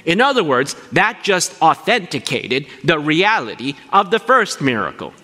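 A man preaching a sermon, animated and asking his listeners questions as he teaches. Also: fairly high pitch, moderate pace, long reverb tail. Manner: animated, asks the congregation questions. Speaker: pastor.

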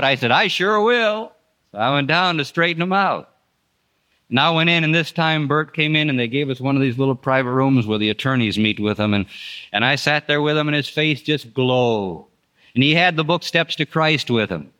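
An older man preaches a storytelling sermon in an earnest, folksy way, his mid-range voice animated, bright, and forceful at normal speed. He rises and drops sharply for emphasis.

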